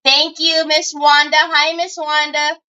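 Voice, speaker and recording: High bright chatty woman. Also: little pitch movement, unhurried, dull audio. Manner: chatty storyteller, talks to viewers as y'all. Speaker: crafting livestream host. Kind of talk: casual chat while crafting.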